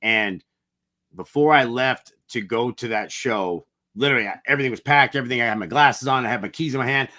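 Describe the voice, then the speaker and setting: A man's voice: medium pitch, fairly quick, pushed and bright. A man co-hosting a podcast, talking earnestly and repeating himself for emphasis. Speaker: podcast co-host. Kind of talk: casual reflective chat.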